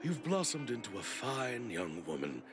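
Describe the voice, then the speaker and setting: A man's voice: medium pitch, sing-song, moderate pace, background noise, lightly acted. A man voicing a kindly, courteous older caretaker in a game, speaking in a fatherly way. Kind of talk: game dialogue. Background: game music.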